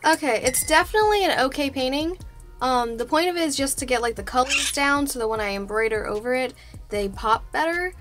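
A woman vlogging casually about a craft project, playful and excitable, joking to the camera. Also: sits high, a little fast, music in the background.

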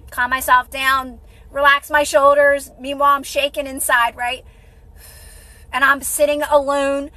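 A woman's voice: high voice, level tone, a little slow, sharp tone, no room sound, low-quality recording. A woman hosting a casual motivational livestream, repeating herself encouragingly and greeting viewers by name. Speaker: livestream host.

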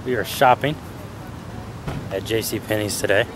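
A young man vlogging while sick, his voice almost gone, talking in a low-key, rambling way with fillers. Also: moderate pace, music in the background. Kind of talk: casual vlog chat.

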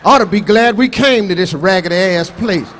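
A man's voice: high voice, normal speed, a bit bright, a little hiss or hum. A man doing a live stand-up comedy set, brash and profane, boasting and scolding the crowd. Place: live comedy show on stage.

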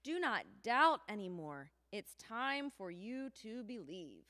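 A woman reading aloud the words of a calm, gentle grown man in a children's story, slow and reassuring. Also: mid-range voice, full character voice. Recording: long church reverb.

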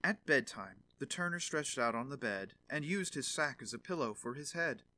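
A man narrating a fairy tale audiobook in an expressive storytelling manner. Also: medium pitch, normal speed.

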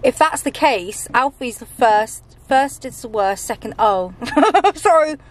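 A woman's voice: on the high side, expressive, unhurried. A woman vlogging as a mother, chatting casually, swearing freely and laughing often. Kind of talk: casual vlog chat.

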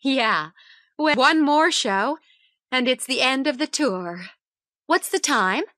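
A bold, teasing young pop singer, as a woman narrator puts her on speaks up in a high, bright voice. The delivery is energetic and playful, with a lively lift in pitch. The recording is dry and close, like a storybook reading. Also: takes it slowly, dry recording, full character voice.

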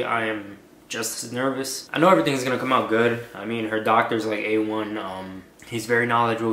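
A young man talking to camera in a casual vlog, tearful and soft-spoken. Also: fairly low pitch, roomy sound. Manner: soft, reassuring, emotional. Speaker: vlogger.

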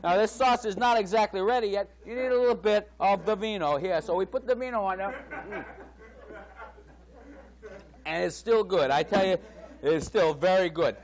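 A man's voice: sits high, moderate pace, long pauses, close to an everyday voice. A man playing Chef Muscatel, a phony Italian cook. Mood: hammy. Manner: chatty, boastful, laughing at his own jokes. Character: hammy male TV chef with a phony Italian accent. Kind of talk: spoof cooking segment.

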